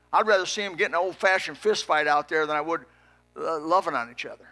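Brief: male pastor, fiery sermon, hushed-to-shouting swings, a bit high, very bright and forceful. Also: fast. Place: church sanctuary with a congregation.

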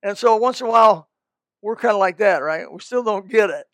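A high-voiced man, a pastor, delivers a sermon in a folksy, meandering style, wandering into side remarks and starting sentences over. He talks a little fast, and the audio is close and dry with no echo.

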